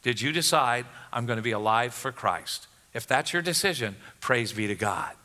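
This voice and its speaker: A man's voice: medium pitch, expressive, normal speed, bright, forceful tone. A man preaching a sermon as pastor, emphatic and rising for questions. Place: church. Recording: long hall reverb.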